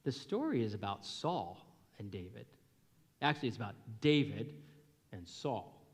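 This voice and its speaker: A man preaching a sermon as pastor, telling a Bible story in an animated, emphatic way. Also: fairly low pitch, normal speed. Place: church hall. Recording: long reverb of a hall.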